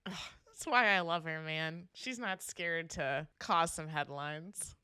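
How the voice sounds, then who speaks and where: A young woman co-hosting a podcast in casual chat, eager and reacting quickly. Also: low voice, bright, forceful tone, clear, resonant tone, dry recording, clean studio sound. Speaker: podcast co-host.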